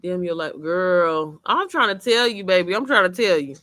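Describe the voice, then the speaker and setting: Bright animated woman vlogging. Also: fairly low pitch, normal speed, no echo. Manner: animated, swearing, laughing storyteller. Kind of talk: casual chat to camera. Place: outdoors, then inside. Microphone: computer mic.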